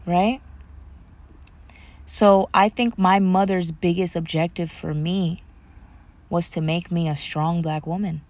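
Speaking slowly and pausing often, a woman hosts a solo podcast in a low-ish, darkish voice with a steady tone and an African American English accent. She's casual and animated, adopting playful voices whenever she quotes someone.

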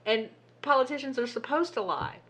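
A woman co-hosting a casual podcast, telling a story in an animated, exasperated way and swearing now and then. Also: sits high, brisk, slight background noise. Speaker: podcast co-host. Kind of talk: casual chat.

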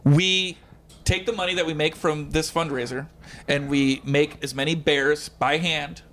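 Man, comedian, storytelling, higher-pitched, animated, faint background ambience. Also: measured pace, slight background noise. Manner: animated, acts out quotes with lots of fillers. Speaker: guest comedian. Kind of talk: casual storytelling.

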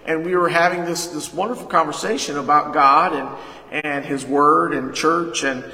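A man preaching a sermon as pastor, leading call-and-response and retelling a conversation, with sudden loud emphasis. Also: a little high, steady tone, moderate pace. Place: church sanctuary. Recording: echoey hall reverb.

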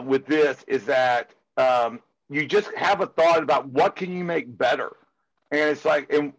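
A man with a fairly high voice, heard on a low-quality recording, is interviewed casually about his work as a security conference speaker. His talk spills into fervent rambling rants, constantly filled with "it's like."

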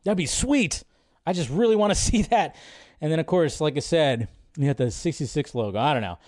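Excitable, chatty male stream host. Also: a little high, a little fast. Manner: excitable, swears freely, chatty asides. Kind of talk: casual live-stream commentary.

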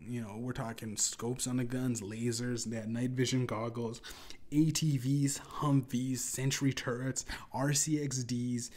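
A man's voice: medium pitch, a little mellow. Rambling, profane young man telling a story. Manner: casual, profane, rambling with restarts. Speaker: podcast host. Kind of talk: deadpan comedic storytelling.

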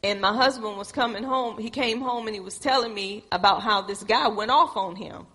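Female preacher, high husky voice, call-and-response delivery, reverberant hall. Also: normal speed, pushed and bright. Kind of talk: sermon. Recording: echoey hall with long reverb.

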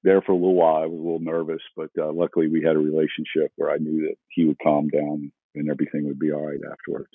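Deep, husky man on a tinny line. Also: flat delivery, racing, few pauses, no room sound. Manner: hesitant, many fillers. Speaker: podcast guest, former scout. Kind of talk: casual interview chat. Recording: tinny phone-like call line.

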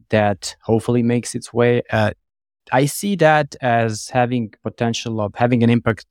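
A man's voice: mid-range voice, a little mellow, no echo, clean studio sound. A man speaking as a podcast panelist, hesitant and searching for words in casual tech chat.

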